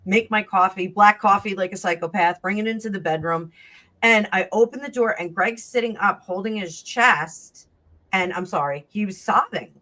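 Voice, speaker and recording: A woman telling a long personal story in casual chat, rambling and animated, acting out the voices of the people in it. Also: mid-range voice, moderate pace. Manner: rambling, animated, acts out quoted dialogue. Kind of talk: casual storytelling on a live stream.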